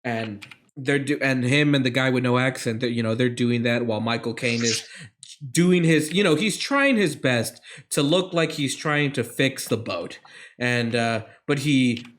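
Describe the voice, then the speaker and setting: A man's voice: medium pitch, a little slow, a bit bright. A man co-hosting a casual movie podcast, recapping the plot in a rambling way with swearing and laughs. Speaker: podcast co-host.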